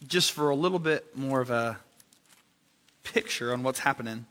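Bright-voiced man preaching in a reverberant hall. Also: medium pitch, normal speed. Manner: conversational, asks the congregation rhetorical questions; joking asides with laughter. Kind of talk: sermon. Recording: long reverb of a large hall.

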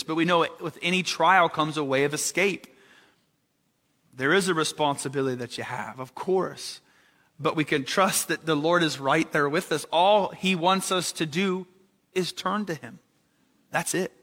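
A man with a fairly high, bright voice delivers a sermon in a relaxed, conversational way. He keeps asking his listeners questions and mixes in light jokes. His voice rings out with a long reverb, as in a large hall. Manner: conversational, asks the congregation rhetorical questions; joking asides with laughter. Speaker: preacher.

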